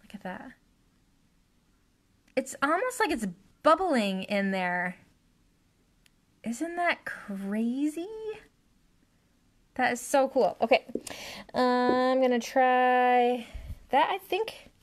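A woman who owns an art studio, excitedly demonstrating a craft technique on a live stream, gasping and delighting at the results. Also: high voice, takes it slowly, long pauses. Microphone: phone or camera on live stream.

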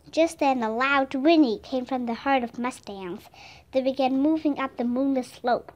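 A woman reading a children's chapter book aloud as a steady, careful narrator. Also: high-pitched, normal speed. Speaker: storybook reader. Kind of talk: scripted narration.

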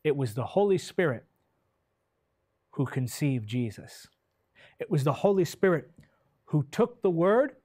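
A man preaching a sermon with passion, speaking directly to his listeners, drawing out key words slowly, swelling loud and then dropping to a hush. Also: medium pitch, dry recording, clean studio sound. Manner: impassioned, swells loud then drops soft; slow, drawn-out delivery when stressing key words.

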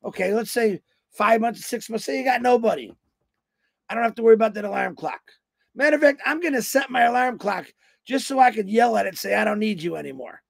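Man in his fifties, very high pitch with a gravelly edge; folksy, rambling motivational speaker. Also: fairly quick, no room sound. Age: 50s. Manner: folksy, storytelling, acts out quoted voices. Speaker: motivational speaker on a company livestream.

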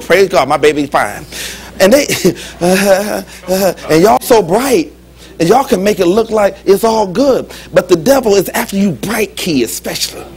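A man preaching a lively, humorous sermon as pastor in a church, with call-and-response. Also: high voice, breathy edge. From United States.

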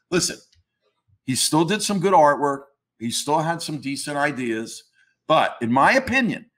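A man with a fairly high voice talks as an interview guest, pressing his opinions hard. His delivery is emphatic and ranting, and he drops casual swear words. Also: very animated, moderate pace, fairly bright tone. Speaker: comics historian guest.

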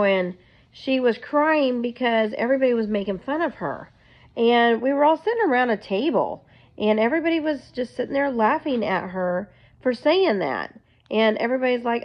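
A woman's voice: fairly high pitch, normal speed. A woman vlogger at home, telling an earnest, rambling faith testimony to her viewers. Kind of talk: casual faith testimony to camera. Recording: dull lo-fi recording.

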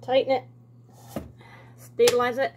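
A woman's voice: a little high, flat delivery, unhurried, slight background noise. A woman, talking to herself and her viewers as she bakes in her home kitchen, with rambling asides. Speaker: home cooking vlogger. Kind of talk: casual kitchen chat.

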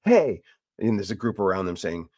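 A man with a fairly low voice hosts a casual Bible teaching podcast. He rambles and restarts often, then punches words out with sudden emphasis. The sound is dry and close. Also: normal speed, no echo. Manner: animated and rambling, with many restarts and emphatic bursts. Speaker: podcast host.

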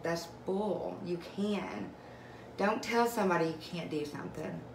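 A young woman with a low-pitched voice gushes about skincare in an excited, emotional live chat. She is recorded on a phone mic in an echoey room at home, with a faint hiss behind her. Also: a little slow. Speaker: direct sales vlogger. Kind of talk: casual live video chat.

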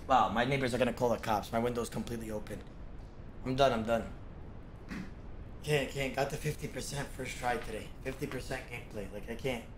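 Man, game streamer, mid-pitched voice, self-talk, sudden loud yells, faint noise behind. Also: brisk. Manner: excitable, bursts into loud yelling and laughter; talks to himself and to chat. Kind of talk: live game streaming commentary.

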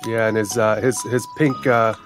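A man's voice: lowish voice, level tone, normal speed, over music. A man chatting as a guest on a live stream voice call, laid-back and amused, chuckling between remarks. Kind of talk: casual chat over voice call.

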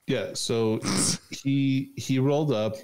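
A man's voice: medium pitch, steady tone, takes it slowly, darkish tone, clear, resonant tone. A man co-hosting a podcast in casual chat, rambling with many fillers and frequent laughs. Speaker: podcast co-host.

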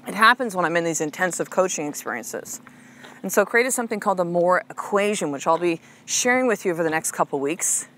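A woman's voice: on the low side, expressive, quick pace, fairly bright tone, slight background noise. Chatty, upbeat woman coach. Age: adult mother of a six-year-old. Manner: casual, chatty, frequent "like" and "right?", swears freely; upbeat and emphatic, addresses listener as "sister". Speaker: life coach and podcast host. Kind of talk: motivational podcast monologue.

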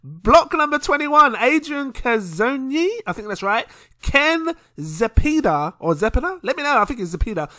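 Lively bright-voiced crypto vlogger. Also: male voice, extremely high pitch, normal speed. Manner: chatty, stumbling over names, laughing at himself. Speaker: crypto channel host. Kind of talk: casual shout-outs to supporters.

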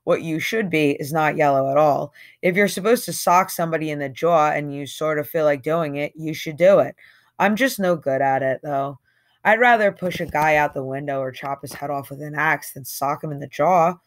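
A woman's voice: sits low, normal speed. A woman reading a novel aloud in a conversational, slangy first-person voice with emphatic swings. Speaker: audiobook reader.

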